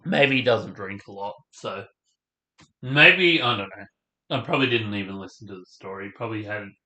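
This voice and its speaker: A man's voice: lowish voice, moderate pace, bright, forceful tone, echoey room, low-quality recording. A young man hosting a reaction video, chatting casually and rambling, trailing off and sometimes talking with his mouth full. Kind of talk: casual chat.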